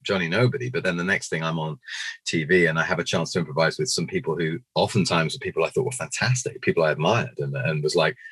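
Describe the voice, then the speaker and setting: A man in his forties with a deep, slightly husky voice tells stories with lively energy, slipping into funny voices for the people he quotes. The sound is close and dry, with no room around it. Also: fast talker, no room sound. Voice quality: naturally low register. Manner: animated storyteller, acts out quoted voices. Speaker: puppeteer guest. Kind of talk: casual interview anecdotes.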